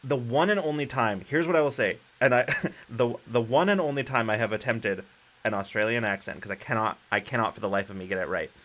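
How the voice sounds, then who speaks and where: A man's voice: mid-range voice, brisk, fairly bright tone. A man hosting a casual chat, telling a story with lots of restarts and fillers. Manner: rambling, many fillers and restarts. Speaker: podcast host.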